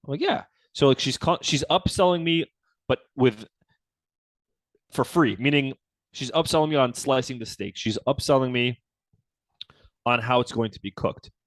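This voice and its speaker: A man's voice: normal speed, pauses often, dry recording. A man, a company founder, telling a story from his own life in a casual interview and acting out the quoted dialogue. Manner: relaxed storyteller, acts out quoted dialogue with lively pitch jumps.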